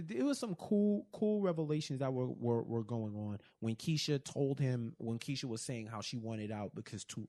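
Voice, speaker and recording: Animated man recapping a TV episode. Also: mid-range voice. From Caribbean family. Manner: animated, quotes scenes and laughs often, many restarts. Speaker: podcast co-host. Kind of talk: casual TV recap chat.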